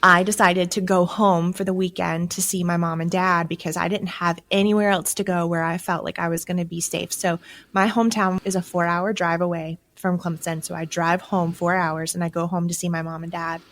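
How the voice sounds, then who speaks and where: A young adult woman sharing her personal faith testimony as a podcast guest, with emotional, animated storytelling and surging emphasis. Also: fairly low pitch, a little fast.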